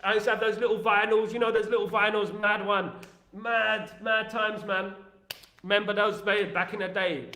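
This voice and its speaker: A man hosts a loose, joking chat that wanders from topic to topic. His voice sits high and bright, with an excitable edge. He is recorded in an echoey room. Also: moderate pace. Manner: rambling, jokey, excitable banter. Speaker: host. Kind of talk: casual chat.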